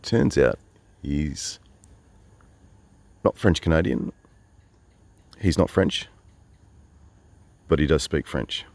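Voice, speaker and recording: A wry Australian man with an extremely deep, low voice spins a rambling traveller's yarn. He talks in a casual, meandering way, full of asides and self-corrections. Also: lively intonation, takes it slowly, gravelly, long pauses, dry recording. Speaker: travelling storyteller. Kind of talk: casual spoken monologue.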